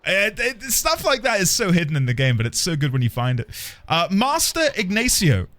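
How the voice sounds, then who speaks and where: Animated man streaming a game. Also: high-pitched, moderate pace. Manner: playful and animated, talking to chat. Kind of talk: casual gaming commentary.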